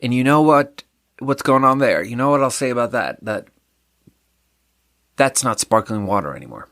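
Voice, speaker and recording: A man's voice: medium pitch, animated, moderate pace, fairly bright tone, no echo, studio quality. A man hosting a solo podcast, chatting casually in a rambling, self-deprecating way that trails off and restarts. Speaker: podcast host.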